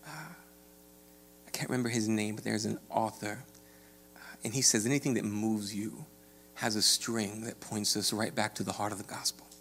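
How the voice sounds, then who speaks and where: A man's voice: fairly low pitch, normal speed, creaky, pauses often, a little hiss or hum. Conversational male pastor preaching. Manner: conversational, rising to animated storytelling with frequent "right?". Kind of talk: sermon.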